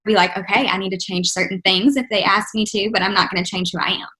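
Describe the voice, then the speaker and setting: An interview guest who acts and sings, this young Texan woman answers enthusiastically, sprinkling in "like" and "you know," with a faint accent she has mostly trained out. Her mid-range voice is steady, pushed, and bright, and a little fast.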